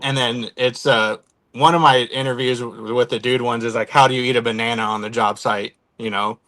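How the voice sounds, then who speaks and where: Relaxed American guy from Oregon, podcast guest, mid-pitched, easygoing. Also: a little fast. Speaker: guest, content creator. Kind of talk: casual chat.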